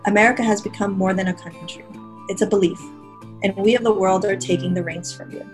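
A woman's voice: medium pitch, fairly even intonation, fairly quick, faint music behind, low-quality recording. A woman giving a declamatory, challenging dramatic reading during a worship service.

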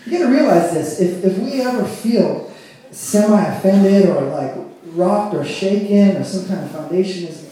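A man's voice: sits high, expressive, unhurried, mellow. Brief: man preacher, laughs often, acts out voices, echoey church room. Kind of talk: sermon. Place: church sanctuary. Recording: echoey church hall with crowd.

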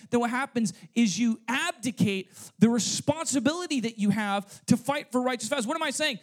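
Brisk and lively in intonation, this very high-voiced man preaches a sermon at a church service. He fires off rhetorical questions to the congregation and drops in "okay?" and "right?" after his points.

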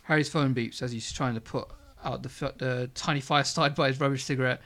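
A man reading his comedy script aloud in a low, hesitant voice with many fillers, then chatting about it. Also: fairly even intonation, a little fast, fairly bright tone.

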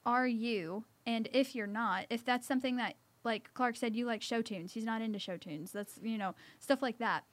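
A young woman in casual conversation, her voice sitting a little high. She rambles loosely, leaning on lots of fillers as she talks. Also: normal speed, hardly any pauses, no echo. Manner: rambling, heavy use of fillers. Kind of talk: casual chat.

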